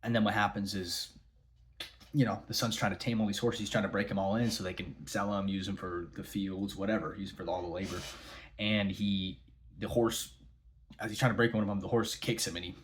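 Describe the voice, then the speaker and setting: A man's voice: sits low, fairly even intonation, a little fast, slight background noise. A man talking casually to camera in a rambling way, retelling a parable with many restarts. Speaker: vlogger. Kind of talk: casual monologue.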